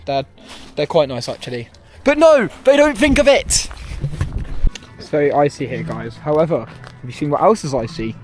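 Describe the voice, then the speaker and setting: A young man, vlogging outdoors at a theme park, ranting and rambling with frequent self-corrections. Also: a little high. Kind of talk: walking vlog commentary. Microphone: handheld camera.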